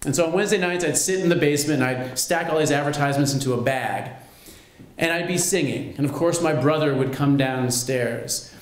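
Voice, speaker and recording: A man telling a personal story on stage at a live storytelling show, wry and lively. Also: fairly high pitch, a little fast, roomy sound. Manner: wry, lively, self-mocking.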